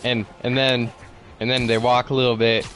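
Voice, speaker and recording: A man's voice: mid-range voice, level tone, moderate pace, fairly bright tone, soft background music. Rambling man recapping a show. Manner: rambling, repeats words, swears. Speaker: podcast co-host. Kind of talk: casual chat recapping a show.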